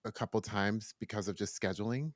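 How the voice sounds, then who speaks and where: Clean studio audio with a dry sound captures a young podcast co-host chatting casually. He's playful, slipping into sing-song moments and mock voices, speaking in a lowish register and fairly quickly.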